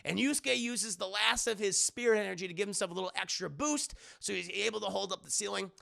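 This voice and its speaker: Gravelly, high-voiced man recapping an episode. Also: quick pace, pushed and bright. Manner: loose and profane, acting out the scenes. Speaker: show reviewer. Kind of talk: casual streamed episode recap.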